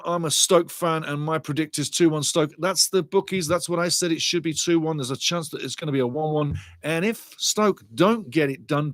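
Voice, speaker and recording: A man hosting a live football watchalong, giving rambling, chatty match commentary and shouting out to viewers in the chat. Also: on the high side, no echo. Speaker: watchalong host.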